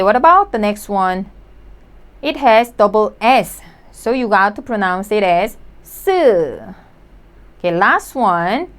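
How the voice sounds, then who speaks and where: Patient woman teaching slowly. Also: medium pitch, clear, resonant tone. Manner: patient, repeats sounds slowly for learners. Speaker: Korean language teacher. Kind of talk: slow spoken lesson.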